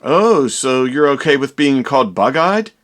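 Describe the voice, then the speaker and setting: A man's voice: medium pitch, sing-song, measured pace. A man doing a theatrical young mad doctor. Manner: theatrical, exaggerated delivery. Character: young male doctor, dramatic, vain, slightly pompous. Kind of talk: comedy parody voice acting.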